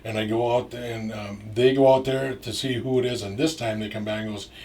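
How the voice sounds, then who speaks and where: A man's voice: medium pitch, steady tone, a little fast, a little mellow. A middle-aged man from Minnesota telling a long, rambling story with many fillers and restarts and some swearing. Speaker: storyteller guest. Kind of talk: casual anecdote. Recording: distant mic with faint noise.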